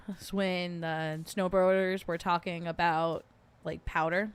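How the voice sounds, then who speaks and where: A woman's voice: on the low side, steady tone, takes it slowly, clear, resonant tone. A young adult woman hosting a casual livestream, chatty and playful, laughing often as she rants about food. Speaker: podcast host.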